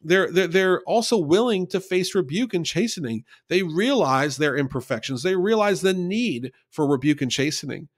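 A man's voice: on the high side, animated, moderate pace, hardly any pauses, no echo, studio quality. A man giving a conversational Bible study, talking in an earnest, folksy way and repeating points for emphasis.

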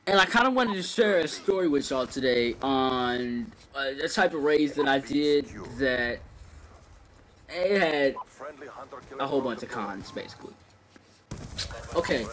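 A man's voice: medium pitch, moderate pace, crowd noise. A man talking casually over gameplay footage, rambling with many fillers and restarts and swearing freely. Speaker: gameplay video commentator.

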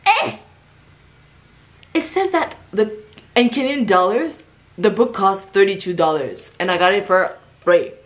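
A woman vlogger chatting casually through a book haul, reading back covers aloud and reacting with quick exclamations. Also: mid-range voice, lively intonation, noisy background.

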